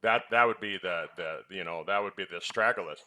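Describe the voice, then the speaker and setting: A low-pitched, sharp-toned man talks a little fast in a relaxed supplement chat. Having once run a clinic, he now presents health products, wandering off topic and teasing his co-host with quiz questions.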